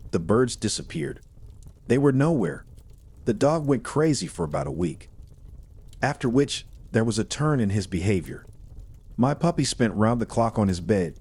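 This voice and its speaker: A man reading a first-person horror story in a steady, measured storytelling manner. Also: on the low side, husky.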